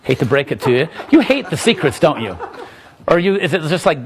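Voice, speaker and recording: A man's voice: a little high, sing-song, fairly quick, a little hiss or hum. A middle-aged man, a magician, casually walking someone through a coin trick, chatty and self-interrupting.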